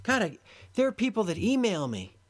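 A man talks alone into the mic as a podcast host, scolding his listeners with sarcastic exasperation. His pitch swoops up and down in animated arcs as he lectures. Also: brisk. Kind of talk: solo commentary monologue.

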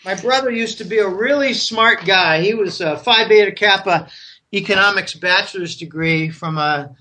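A man's voice: high-pitched, moderate pace, pushed and bright. An American man chatting casually, rambling through anecdotes and acting out other people's lines. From United States. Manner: rambling storyteller, acts out friends' voices in quotes. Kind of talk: casual podcast conversation.

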